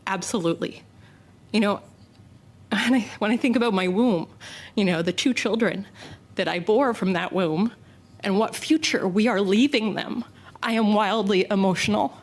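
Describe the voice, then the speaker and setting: A woman politician addressing a committee, speaking earnestly and emotionally with frequent pauses and fillers. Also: medium pitch. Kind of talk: formal committee remarks.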